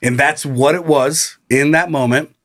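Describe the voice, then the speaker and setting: This podcast co-host, a man with a voice on the high side, speaks a little slowly. He's chatting casually and telling a story, full of energy, often laughing while he mimics what others said.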